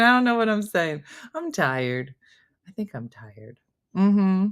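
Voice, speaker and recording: A middle-aged woman runs a casual live stream, answering viewer comments in an animated, chatty way. She laughs often and slips into the odd mock whisper to act out a story. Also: medium pitch, slow. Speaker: host reading viewer comments.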